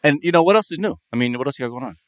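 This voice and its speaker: Lively, playful male podcast host. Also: on the high side, racing, no room sound, studio quality. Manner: playful, riffing, breaks into goofy sung bits. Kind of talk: casual comedic podcast chat.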